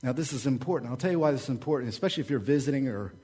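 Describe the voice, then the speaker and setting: A man, the pastor, preaching a sermon with energetic, repetitive rhetoric and casual asides. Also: mid-range voice, racing, slightly rough.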